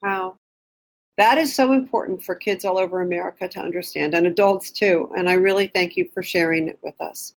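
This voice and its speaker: A woman's voice: lowish voice, brisk, low-quality recording. Woman hosting a history podcast. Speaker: podcast host. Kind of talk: interview hosting.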